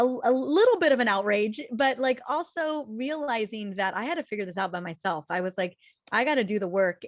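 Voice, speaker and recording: A woman in her forties, a health practitioner guest, telling her story candidly with lively restarts. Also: medium pitch, no room sound. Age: 40s. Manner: candid and animated, often restarts with repeated words. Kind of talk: conversational interview storytelling.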